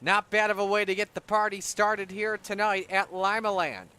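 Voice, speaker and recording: A male race announcer calls the finishing order with energetic, rapid-fire delivery. His voice is bright and slightly high, with a crisp, clean tone recorded dry and close. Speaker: play-by-play racing announcer. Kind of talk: race commentary.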